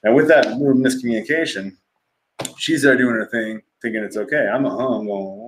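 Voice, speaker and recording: A man's voice: lowish voice, brisk, a bit bright. A middle-aged man, a podcast guest, telling candid and profane personal stories in a casual conversation, laughing often. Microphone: livestream podcast mic.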